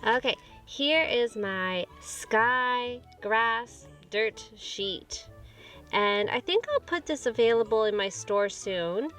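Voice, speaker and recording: A woman's voice: on the high side, animated, slow pace, a bit bright, soft background music. A woman teaching a kindergarten lesson, talking cheerfully and coaxingly straight to young children.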